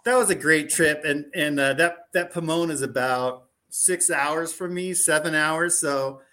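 A man as a podcast guest, rambling through animated anecdotes full of "like" and acted-out quoted dialogue. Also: on the high side, a little slow. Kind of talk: casual storytelling chat.

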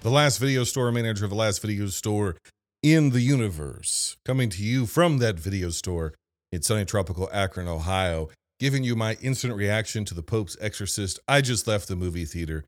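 A man's voice: fairly low pitch, expressive, moderate pace. A man hosting a solo movie review, thinking aloud into a microphone with restarts and asides. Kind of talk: solo off-the-cuff film review. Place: video store. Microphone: studio microphone.

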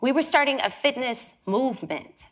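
A woman with a fairly high voice gives a storytelling talk. She is animated and acts out the people she quotes. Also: moderate pace. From Chicago. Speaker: speaker giving a talk.

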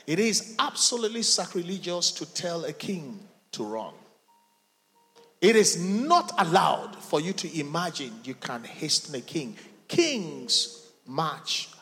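Male pastor, slow, animated, emphatic delivery with congregation response, reverberant church hall. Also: fairly high pitch. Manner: dramatic, emphatic preaching with call-and-response. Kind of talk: sermon.

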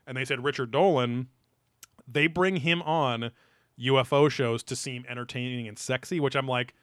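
A man rambles through a casual podcast chat, full of fillers and offhand swearing. His voice is bright and forward. The sound is dry and close. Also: mid-range voice, steady tone, moderate pace, dry recording. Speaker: podcast co-host.

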